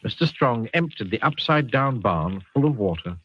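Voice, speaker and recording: Husky man reading a storybook. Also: mid-range voice, normal speed, dry recording. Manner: very expressive, swooping delivery. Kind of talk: reading a children's picture book aloud. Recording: dull lo-fi sound.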